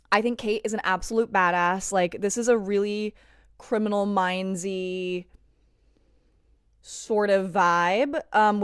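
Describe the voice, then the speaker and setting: Woman, thirties, casual vlog chat, gushing, filler-heavy, medium pitch, dry room. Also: no room sound. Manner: gushing and emotional, heavy use of "like" and "um". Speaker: vlogger reviewing TV episodes.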